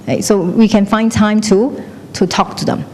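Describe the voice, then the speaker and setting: A woman's voice: steady tone, normal speed, darkish tone. A woman teaching a class, chatty, often checking in with "okay?" and slipping into Chinese phrases. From Malaysia. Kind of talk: classroom lecture. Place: classroom hall. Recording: echoey hall with faint rumble.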